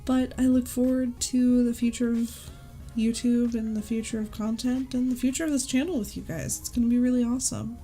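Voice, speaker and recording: A woman's voice: fairly high pitch, steady tone, fairly quick, dark tone. A woman talking casually to her viewers in a channel update, chatty, apologetic and easily sidetracked. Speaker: YouTuber giving a channel update. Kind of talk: casual chat to camera. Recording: faint music behind. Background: faint background music.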